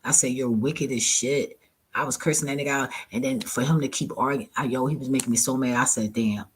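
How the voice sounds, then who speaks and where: A woman's voice: very deep voice, fairly even intonation, quick pace, slight background noise. A woman vlogger casually retelling a story to her viewers, profane and exasperated, often laughing.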